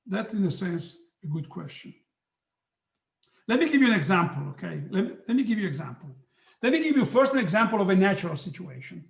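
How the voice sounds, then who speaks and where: A man giving a physics lecture online, halting, with many restarts and frequent "okay"s. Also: high voice, sing-song, vocal fry, echoey room. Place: hot room.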